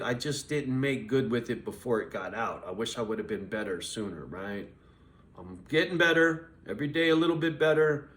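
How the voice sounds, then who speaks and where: A man's voice: medium pitch, fairly bright tone. A man tells a rambling story straight to his camera, cursing freely as he goes. He acts out both sides of his conversations and keeps coming back to owning his mistakes, in an easy confessional tone. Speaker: vlogger. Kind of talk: casual storytelling monologue.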